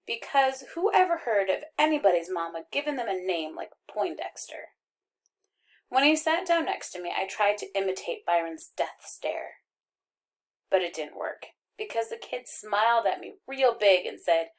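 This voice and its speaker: A woman reading a first-person novel aloud as an audiobook narrator, with expressive, wry storytelling. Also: medium pitch, moderate pace.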